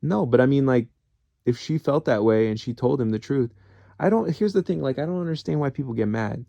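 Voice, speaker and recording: Man, very gravelly low-lit voice, dry close sound; candid rambling solo vlogger who swears. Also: expressive, brisk, mellow, dry recording. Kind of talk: rambling personal monologue.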